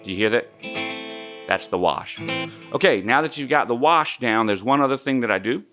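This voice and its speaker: A man's voice: mid-range voice, animated, moderate pace. A man giving a guitar lesson in an easygoing way, counting the strum pattern aloud. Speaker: guitar teacher. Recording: guitar playing under the voice.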